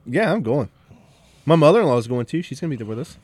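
A man's voice: medium pitch, sing-song, fast talker, darkish tone, breathy edge, no room sound. A man co-hosting a podcast in casual, laid-back chat. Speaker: podcast co-host.

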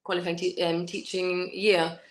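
A woman's voice: on the low side, flat delivery, moderate pace. A woman in her twenties with a Gibraltarian accent, chatting as an interview guest and laughing as she tells stories. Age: 20s. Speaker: pageant contestant, guest. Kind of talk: casual interview chat.

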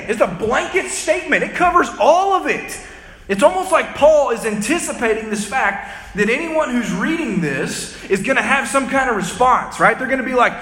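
A man's voice: very high-pitched, animated, moderate pace, sharp tone. A male chaplain preaching a sermon, talking conversationally and checking in with "okay?" and "right?". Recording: echoey hall.

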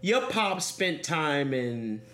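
A man hosting a casual interview, animated and joking, often laughing. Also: on the high side, takes it slowly. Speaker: podcast host. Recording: roomy echo.

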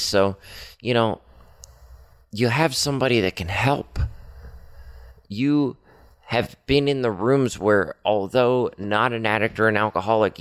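Deep-voiced man, halting confessional talk. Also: clear, resonant tone. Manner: halting, full of fillers and restarts, earnest. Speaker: podcaster speaking to his partner. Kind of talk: personal confessional monologue.

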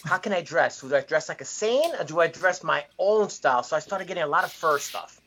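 A man, a wrestler guest, talking in a relaxed, easygoing way in a casual interview. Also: fairly high pitch, fairly quick, a little hiss or hum.

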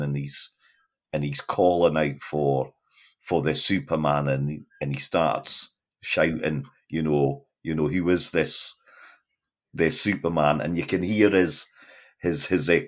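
Very deep-voiced rambling podcast guest. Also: male voice. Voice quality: rambling, many fillers and restarts. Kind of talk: casual chat.

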